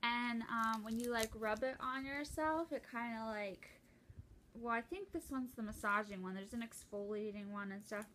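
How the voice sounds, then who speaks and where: A young woman chatting casually and excitedly while opening a gift at home, rambling with lots of fillers and restarts. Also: on the high side, moderate pace, slight background noise. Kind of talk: casual unboxing chat.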